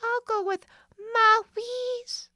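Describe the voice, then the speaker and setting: A woman voicing a small stubborn girl in an audiobook, high and wailing. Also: fairly even intonation, drawn-out words, pushed and bright, no echo, clean studio sound, exaggerated voice. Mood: pouting. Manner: wailing, pouting, childish. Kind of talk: audiobook character voice.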